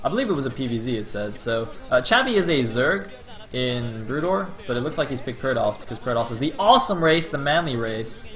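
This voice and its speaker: A man's voice: mid-range voice, sing-song, a little fast. A young man casting a video game on his own stream, chatting and rambling with lots of fillers. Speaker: game caster. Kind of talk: solo esports commentary on stream. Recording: slightly dull lo-fi stream audio with faint music.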